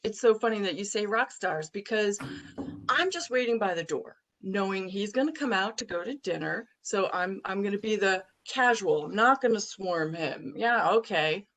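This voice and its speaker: A woman guest on a business podcast, telling an anecdote in an animated, blunt way. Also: mid-range voice, normal speed, rough recording. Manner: colorful, blunt phrasing. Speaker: guest, recruiting firm president. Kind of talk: podcast interview storytelling.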